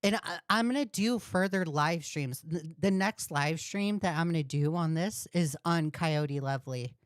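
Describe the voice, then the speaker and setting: A woman's voice: sits low, moderate pace, clear, resonant tone, no room sound, clean studio sound. A woman host ranting on a commentary livestream, profane and indignant, repeating insults. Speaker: commentary streamer.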